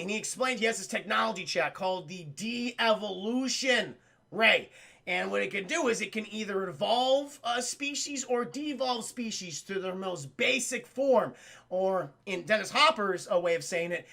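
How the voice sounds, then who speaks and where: Gravelly, bright-voiced streamer recapping a film. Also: male voice, sits high, moderate pace. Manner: profane, excitable, keeps addressing chat. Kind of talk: casual livestream film recap.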